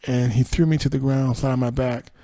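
A man's voice: mid-range voice, fairly even intonation, fairly quick, creaky, warm tone, dry recording. A man hosting a podcast, reading entertainment news aloud and adding dry, sarcastic asides. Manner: reads quotes then adds dry sarcastic asides and laughs. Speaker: podcast host.

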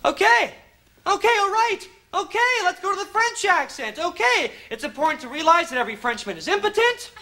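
A man playing a pompous accent teacher in a comedy sketch, with sudden shouts. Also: very high voice, sing-song, fairly quick. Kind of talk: sketch comedy in front of a live audience. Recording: live studio audience laughter and noise.

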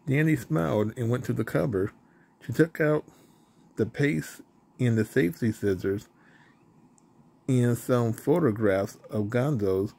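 Man reading a children's book aloud, gravelly voice, husky edge, steady with small slips. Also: on the low side, measured pace. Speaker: storybook reader.

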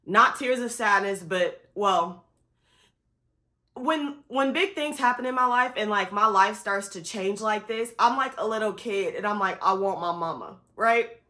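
Young adult woman, bright voice, candid vlog, teary and tired, talks straight to viewers. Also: mid-range voice, unhurried. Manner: candid and expressive, addresses viewers directly as y'all. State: tearful and tired. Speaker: vlogger. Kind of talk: emotional personal vlog talk.

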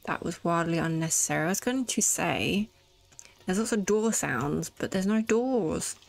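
A woman's voice: on the low side, expressive, moderate pace, gravelly. A woman giving chatty, jokey commentary while playing a game, often talking to herself. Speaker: let's play gamer. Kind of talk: casual gameplay commentary.

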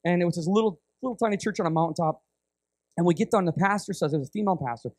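A middle-aged man from the United States preaching a sermon, telling a story in an animated, rambling way that often breaks off and restarts. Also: high voice, rapid-fire, no echo, studio quality. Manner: animated, rambling, self-interrupting. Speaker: guest preacher.

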